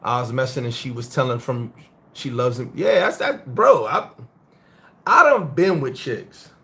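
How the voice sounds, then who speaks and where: A middle-aged man who grew up in the United States, hosting a casual live-stream chat and telling stories in a blunt, profane, animated way. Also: mid-range voice, a little slow, gravelly. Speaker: host.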